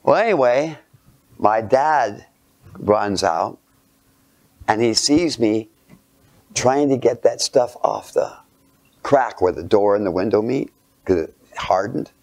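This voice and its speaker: A man with a fairly low voice preaches by telling a story. He is animated, drops at times to a hushed near whisper, and keeps asking his listeners rhetorical questions. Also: takes it slowly, pauses often. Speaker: speaker. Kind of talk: storytelling sermon.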